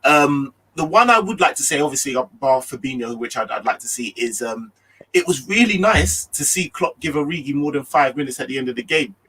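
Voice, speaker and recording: Fast, bright, husky-voiced man. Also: mid-range voice, poor audio. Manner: animated, keeps asking "do you know what I mean". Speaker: football podcast host. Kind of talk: casual chat.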